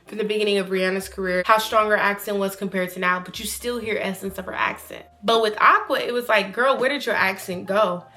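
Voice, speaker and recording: A woman giving casual, opinionated commentary to her viewers, animated and emphatic. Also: medium pitch, fast talker, hardly any pauses. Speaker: YouTube commentator.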